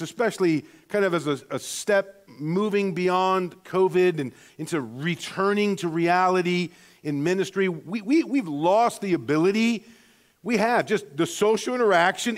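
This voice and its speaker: A man with a notably high voice preaches a sermon as a pastor. He speaks earnestly, sliding between soft, reflective stretches and emphatic, rising exhortations, and often restarts his phrases as he talks.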